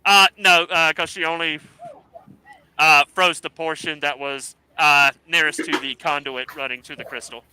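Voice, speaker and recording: A man narrating a tabletop game as game master, halting often with fillers as he thinks. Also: a little high, fairly even intonation, pushed and bright, clear, resonant tone, poor audio.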